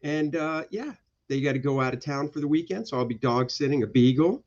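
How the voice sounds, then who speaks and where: A man's voice: on the high side, brisk, a little mellow, muffled recording. A man hosting an art livestream, chatting casually, joking and rambling while he talks to his viewers. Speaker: comic artist hosting an art stream.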